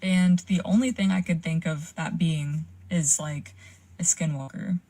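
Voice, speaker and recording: A woman's voice: low-pitched, fairly even intonation, a little slow, warm tone. A young woman telling a frightening personal story in a casual way, with lots of "like" and swearing. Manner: frequent "like" fillers, swearing. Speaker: caller sharing a story.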